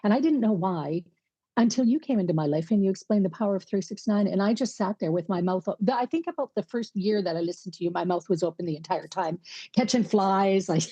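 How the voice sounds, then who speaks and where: A woman's voice: mid-range voice, quick pace, warm tone, slightly rough, no echo, lo-fi sound. A woman co-hosting a podcast, asking questions and giving frequent affirming interjections in casual chat. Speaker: podcast co-host.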